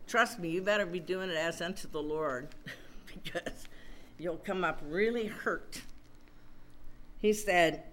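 A woman preaching a sermon, drawing out her words for emphasis and turning to her listeners with asides. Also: lowish voice.

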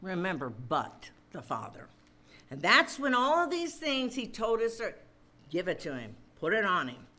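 Animated, bright-voiced woman preaching. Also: medium pitch. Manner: drawn-out, emphatic preaching with asides to listeners. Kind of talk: sermon.

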